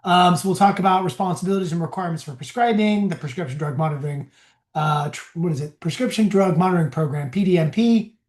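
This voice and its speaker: A man's voice: high voice, fast talker, a little mellow. A man, a physician, giving a casual continuing-education lecture in a conversational, bantering way. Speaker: physician presenter. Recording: echoey room.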